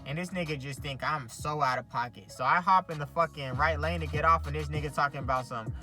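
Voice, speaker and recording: A man's voice: fairly high pitch, fast talker, pushed and bright, soft background music. A young man vlogging, telling a story as an expletive-heavy rant and acting out every quote.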